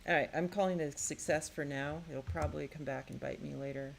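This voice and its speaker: A woman's voice: deep voice, steady tone, brisk, creaky, a little hiss or hum. Woman thinking aloud while playtesting a game. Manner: muses aloud to herself, curious and tinkering. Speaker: game maker.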